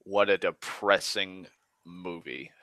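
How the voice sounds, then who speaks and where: A man giving a rambling, profane recap of a film, excitable and full of restarts. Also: low-pitched, takes it slowly, creaky, no room sound. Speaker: movie vlogger.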